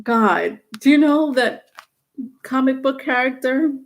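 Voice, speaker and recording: A woman's voice: sits high, slow. A woman giving a live-streamed tarot reading, rambling with many fillers and restarts. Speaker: tarot reader.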